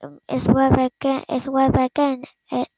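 A woman with a high, fairly level voice reads a film script aloud at home, tripping over words and restarting lines. She slips into whispers now and then. The sound is dry and close, with no room around it. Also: monotone, normal speed, warm tone, no room sound, poor audio. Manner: stumbling read-through with restarts and whispered asides. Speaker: channel host. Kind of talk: casual reading of a film script.

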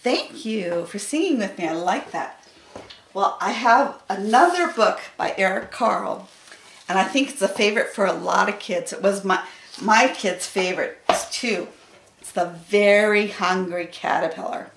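A woman reading picture books aloud to children at a library story hour, slow and expressive, with playful animal sounds. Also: medium pitch, creaky, a little hiss or hum. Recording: echoey room.

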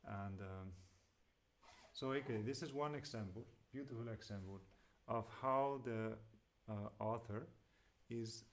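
A man teaching devotional singing, explaining slowly and gently with many pauses and fillers, and stopping now and then to sing a line. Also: lowish voice. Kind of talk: lecture with sung examples.

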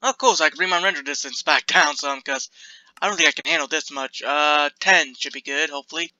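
A young man giving casual, chatty commentary while playing a building game, jumpy and self-mocking and quick to laugh. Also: on the high side, sharp tone, no echo, dull audio. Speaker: gaming video creator.

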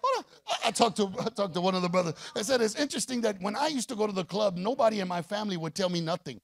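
A man preaching a rousing call-and-response sermon as pastor, rising to shouts. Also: high voice, lively intonation, very fast, creaky.

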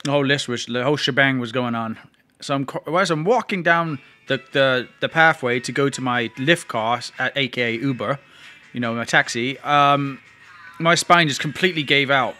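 A man's voice: medium pitch, normal speed, bright, forceful tone, faint music behind. A man vlogging, telling a long personal story in a rambling, emotional way with frequent restarts. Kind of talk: casual storytelling to camera.

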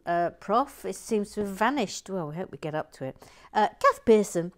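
A woman hosting a casual live stream as she builds, murmuring half-whispered asides to herself and brightening when she reads out to viewers. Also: mid-range voice, expressive, normal speed, few pauses. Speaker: host.

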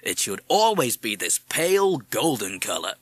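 A man's voice: medium pitch, sing-song, moderate pace, breathy edge, no room sound. A man voicing a chatty, polite male pet parrot with a folksy, courteous drawl in a storybook reading.

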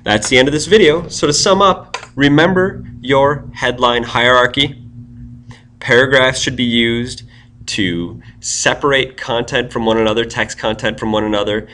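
A man's voice: mid-range voice, steady tone, normal speed, bright, forceful tone, slight background noise. A man giving a screencast tutorial on web pages, explaining step by step and thinking aloud as he types.

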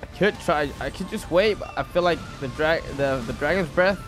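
A gaming YouTuber with a fairly high voice gives live gameplay commentary at a normal speed, rambling, repeating words and exclaiming often. Music plays in the background.

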